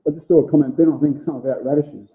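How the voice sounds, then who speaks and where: A man's voice: fairly high pitch, steady tone, very fast. A man, a guest in a casual chat, giving short, hesitant answers with many "um"s. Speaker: guest, jerky maker. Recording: tinny phone-like line.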